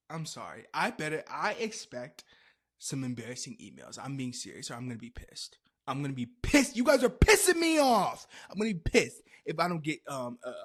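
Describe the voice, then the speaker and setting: A man hosting a podcast, telling a comedic story in a dramatic, animated way with frequent laughter. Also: medium pitch, husky. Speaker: podcast host.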